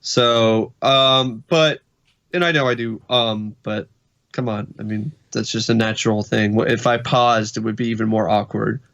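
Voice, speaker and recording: A man's voice: fairly low pitch, fairly even intonation, moderate pace, gravelly, a bit bright. A man co-hosting a podcast, talking casually with many fillers, and he swears bluntly when something angers him. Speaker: podcast co-host.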